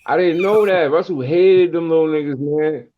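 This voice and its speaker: A man from Queens in his forties with a New York accent, a podcast guest telling stories in a casual, streetwise, animated way. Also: fairly high pitch, moderate pace, narrow, tinny audio. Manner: animated, streetwise storyteller who acts out quotes. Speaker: guest rapper and producer.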